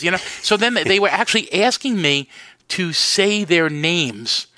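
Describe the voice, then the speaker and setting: A middle-aged man with a New York accent, a priest telling lively stories in a casual interview, quick to joke about himself. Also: high-pitched, no room sound. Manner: animated storyteller with self-deprecating humor. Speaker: priest running a Catholic media network.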